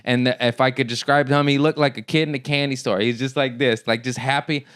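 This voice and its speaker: A man hosting a comedy podcast, chatting in a relaxed way and telling stories. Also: medium pitch, brisk, smooth, dry recording, studio quality. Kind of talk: casual podcast chat.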